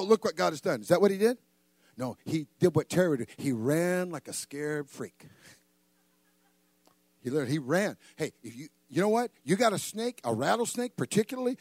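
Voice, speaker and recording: Older man preaching with loud bursts. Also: a little high, dry recording. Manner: animated, joking, acts out voices with sudden loud bursts. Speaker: pastor. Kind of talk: sermon.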